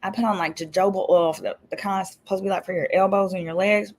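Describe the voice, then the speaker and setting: A woman's voice: medium pitch, fairly even intonation, fast, husky. A woman lawyer hosting a casual livestream, chatty and sassy, full of exasperated asides. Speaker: attorney and show host.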